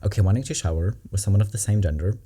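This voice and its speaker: Casting: reaction vlogger, mellow low voice, candid, rambling, emotional. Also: racing, husky. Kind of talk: casual reaction commentary.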